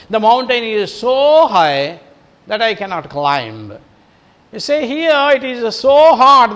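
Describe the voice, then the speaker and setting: A man teaching an English lesson, explaining a play line by line. He repeats phrases and fills his pauses with "uh". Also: high-pitched, fairly bright tone.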